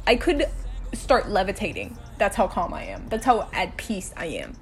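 A woman in a role-play skit, a girlfriend driving her partner home, talking to the listener and swearing while insisting she is calm. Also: medium pitch, moderate pace, soft background music. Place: in a car.

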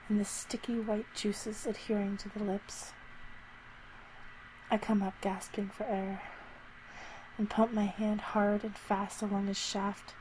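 Woman narrator for an intimate erotic story: warm, low-key delivery that stays flat and unhurried. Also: a little hiss or hum, poor audio.

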